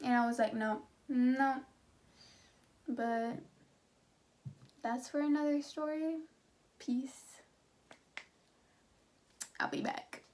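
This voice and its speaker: A woman's voice: high-pitched, fairly even intonation, slow, long pauses. A young woman vlogging in a casual, rambling rant, frustrated and swearing as she talks. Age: young adult. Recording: distant phone mic with loud road noise.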